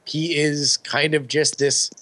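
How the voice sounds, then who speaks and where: A man co-hosting a casual talk show, upbeat and talking in quick bursts. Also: a little high, flat delivery, sharp tone, no echo. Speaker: podcast co-host. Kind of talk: casual chat.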